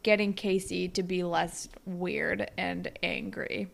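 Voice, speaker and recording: Casual young woman with a gravelly edge. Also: fairly low pitch, fairly even intonation, slow pace. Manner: rambling storyteller, full of "like". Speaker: podcast co-host. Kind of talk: casual chat.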